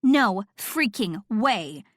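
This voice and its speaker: A woman narrator voicing an excitable, gushing young woman friend who squeals and insists, in an audiobook. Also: on the high side, moderate pace, dry recording, studio quality, voice pushed up, close to an everyday voice. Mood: excited.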